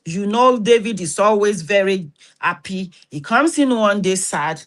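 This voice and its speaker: A woman's voice: mid-range voice, expressive, a little slow. Earnest woman. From Nigeria. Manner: urgent and exhorting, with repeated words and restarts. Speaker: host. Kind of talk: earnest spoken talk to camera.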